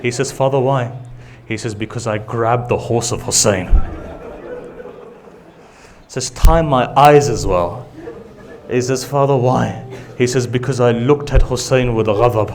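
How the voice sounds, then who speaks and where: A male preacher telling a tragic story in an emotional sermon, often dropping to hushed tones and then rising again. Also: mid-range voice, unhurried, pauses often, crowd noise. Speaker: Muslim preacher.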